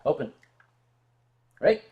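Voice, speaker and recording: A man's voice: slow pace, lo-fi sound. A man hosting a casual late-night livestream from his home sofa, joking around and swearing freely. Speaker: livestream host.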